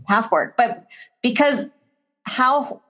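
Chatty woman, slightly higher voice. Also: slow pace, sharp tone, soft background music. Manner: chatty, laughs while telling stories. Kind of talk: casual chat.

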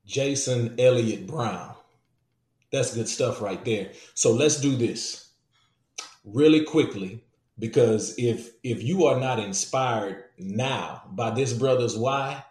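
A man's voice: mid-range voice, slow pace, a little mellow. A man hosting a podcast, encouraging his guest and asking where listeners can find him. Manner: encouraging, affirming. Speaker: podcast host. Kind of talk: interview chat. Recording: roomy echo.

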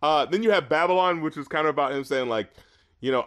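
A man in casual chat about an album, animated, swearing, and quoting lyrics at length. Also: mid-range voice, fast. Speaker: podcast co-host reviewing an album.

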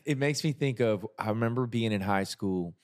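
A man hosting a podcast, chatting casually with a guest and telling stories, sinking into a low confiding tone for anecdotes. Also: normal speed, dry recording, studio quality. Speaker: podcast host. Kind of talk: casual chat and storytelling.

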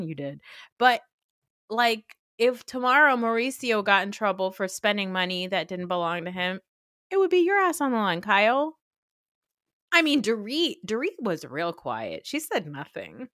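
A woman's voice: medium pitch, very animated, moderate pace, fairly bright tone, dry recording, clean studio sound. A young adult woman hosting a podcast, recapping TV in casual, sarcastic, profane chat with laughing asides. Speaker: podcast host.

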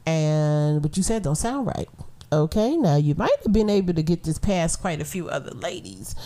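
Blunt, animated woman. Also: deep voice, normal speed. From Brooklyn, New York. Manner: blunt, animated, laughs often. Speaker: podcast host. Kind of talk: casual storytelling monologue.

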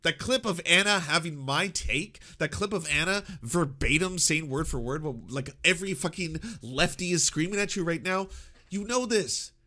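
Exasperated high, bright-voiced man. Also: animated, moderate pace. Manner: exasperated, swearing, laughing in disbelief. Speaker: commentator reacting to clips. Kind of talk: casual reaction commentary.

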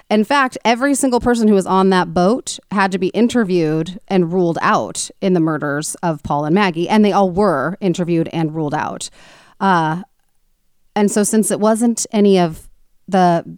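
A woman's voice: mid-range voice, clear, resonant tone, no room sound, clean studio sound. Woman telling a true-crime story. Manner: animated, chatty, frequent restarts. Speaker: podcast co-host.

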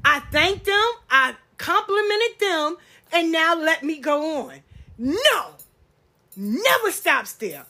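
A middle-aged woman, hosting a podcast in a blunt, animated casual monologue and swearing freely. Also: extremely high pitch, slow. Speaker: podcast host.

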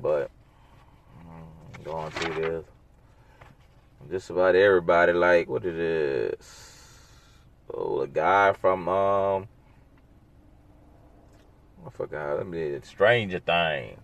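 A man's voice: deep voice, takes it slowly, long pauses, highs cut off, a little hiss or hum. A man hosting a podcast alone, rambling casually with blunt, sarcastic asides. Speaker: podcast host. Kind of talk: casual solo podcast monologue.

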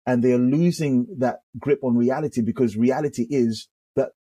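Husky-voiced British pastor telling stories. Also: male voice, medium pitch, moderate pace, no echo. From United Kingdom. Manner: animated storyteller with frequent restarts. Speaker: pastor, guest. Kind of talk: conversational testimony.

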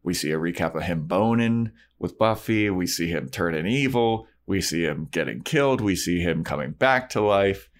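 A man with a low voice talks through a TV episode on a podcast. He keeps it loose and joking, and slips into goofy voices for the characters. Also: lively intonation, moderate pace, few pauses. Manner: loose, joking, does silly voices when retelling scenes. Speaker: podcast co-host. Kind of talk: casual chat recapping a TV episode.

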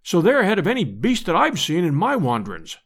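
A man's voice: high voice, huge pitch swings, quick pace, exaggerated voice. Man voicing a clipped, urgent adventurer lord. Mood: grim. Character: brash, hardy English adventurer lord, middle-aged man. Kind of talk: audiobook character voice.

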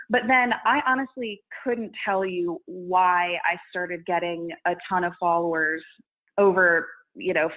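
A woman content creator chatting casually in an interview, rambling with restarts and laughing often. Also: fairly low pitch. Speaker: social media creator. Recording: tinny phone-like line.

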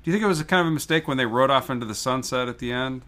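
A man's voice: mid-range voice, racing, sharp tone. A man co-hosting a movie podcast, chatting casually in a rambling, jokey way and laughing often. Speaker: podcast co-host.

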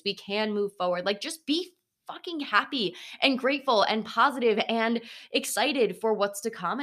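A young woman with a bright, forceful voice hosts a motivational podcast monologue. She talks bluntly, swears without a second thought, and keeps it animated with playful asides. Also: medium pitch. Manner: blunt and profane, swearing freely; animated, slips into mocking voices of others. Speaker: podcast host.

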